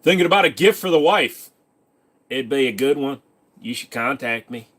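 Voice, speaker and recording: A man's voice: medium pitch, expressive, moderate pace, fairly bright tone. A young man hosting a casual live stream, reading questions from chat aloud and answering them in a rambling, joking way.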